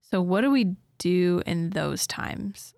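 A woman host asking thoughtful, measured interview questions. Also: fairly low pitch, expressive, gravelly, darkish tone, no echo, clean studio sound. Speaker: podcast host.

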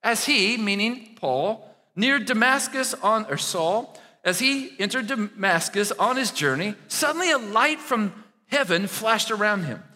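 A man preaching a sermon in a church, animated and conversational, often checking in with the congregation. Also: high-pitched, a little slow, long reverb tail. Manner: animated preaching with frequent "right?" asides. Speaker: pastor.

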